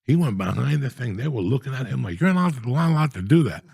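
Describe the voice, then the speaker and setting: Man, 60s, gravelly and husky, profane comic storyteller who slips into mock-outraged rants; dry close mic. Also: medium pitch, animated, fast, a little mellow, no echo. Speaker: podcast guest storyteller. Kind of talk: casual comedic storytelling.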